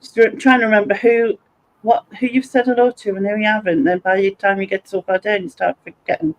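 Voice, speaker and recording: A woman's voice: medium pitch, steady tone, brisk, low-quality recording. A woman from North East England with a Sunderland accent, hosting a casual livestream and chatting while reading viewer comments aloud. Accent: Sunderland (Mackem). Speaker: livestream host.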